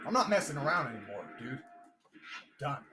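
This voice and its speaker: A man commenting casually on his own gameplay, frustrated, with sudden excited outbursts and shouts. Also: mid-range voice, moderate pace, slight background noise. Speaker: gamer.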